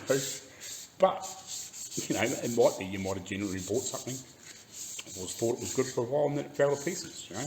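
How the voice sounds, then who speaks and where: A man's voice: mid-range voice, slight background noise. A man with a New Zealand accent ranting casually in his garage workshop, swearing freely and laughing often. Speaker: car restoration YouTuber. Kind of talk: casual rant while working in garage.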